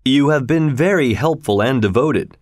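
A man reads as a composed, courteous gentleman traveller from a storybook, speaking with formal politeness. The voice sits in a middle register and sounds dry and close, with no room sound around it. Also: mid-range voice, expressive, normal speed, dry recording, natural voice.

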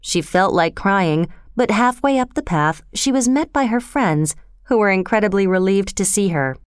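A woman narrating a storybook in a calm, measured reading voice. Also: medium pitch, clean tone, no echo, studio quality.

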